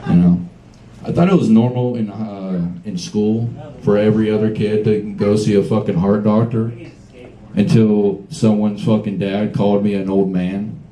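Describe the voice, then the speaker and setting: A young stand-up comedian works a small bar with a rambling, profane set, riffing with the crowd. His voice is fairly low, mellow, and evenly intoned at a moderate pace. The room echoes and crowd noise carries through.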